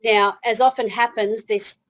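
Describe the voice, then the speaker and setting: A woman's voice: on the high side, steady tone, moderate pace, rough recording. Chatty Australian woman telling her story. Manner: chatty, laughs easily, restarts sentences. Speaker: interview guest. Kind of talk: casual interview storytelling.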